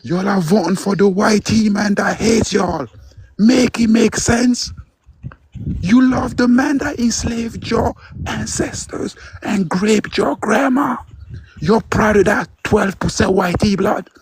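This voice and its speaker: A man's voice: high voice, slow, slight background noise. A man in a heated online debate, confrontational and lecturing, with mocking jabs at his opponent.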